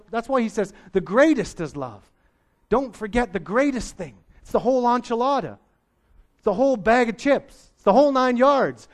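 Folksy, conversational preacher man. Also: high-pitched. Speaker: pastor. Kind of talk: sermon.

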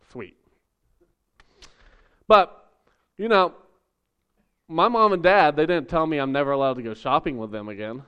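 A man preaching a casual, story-driven sermon with a smooth, resonant voice that sits a bit high for a man. The recording is dull and lo-fi. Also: a little slow, pauses often. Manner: conversational, animated storytelling with acted voices. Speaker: pastor.

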